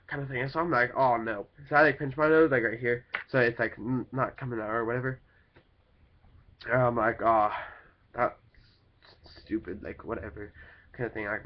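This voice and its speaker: A man's voice: mid-range voice, a little fast. A young man talking about his life in a casual vlog while sick with a cold, rambling with lots of "like" and "kinda thing" fillers. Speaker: vlogger. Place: at home. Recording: dull lo-fi home recording.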